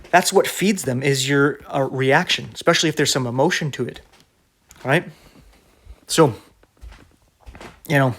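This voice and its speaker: Blunt, conversational male preacher. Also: fairly high pitch. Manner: conversational, keeps asking "right?"; blunt, argumentative. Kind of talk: casual preaching to camera.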